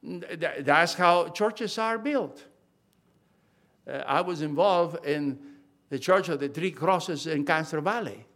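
An older man with a high-pitched voice delivers a sermon. He preaches with emphasis, hammers home key phrases, and often stops to restart his sentences. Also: slow pace, a bit bright.

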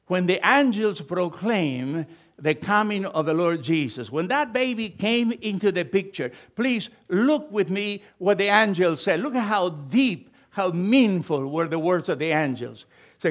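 Lively, high-voiced preaching man. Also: unhurried. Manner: impassioned preaching with storytelling asides. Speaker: pastor. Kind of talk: sermon.

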